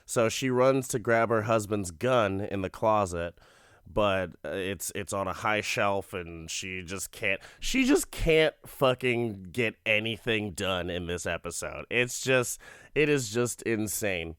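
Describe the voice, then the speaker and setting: Male podcast host, loose and profane amused storytelling, smooth voice, dry close mic. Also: lowish voice, animated, takes it slowly, fairly bright tone, no room sound. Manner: rambling, profane, amused storytelling with frequent laughs. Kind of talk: casual comedic episode recap.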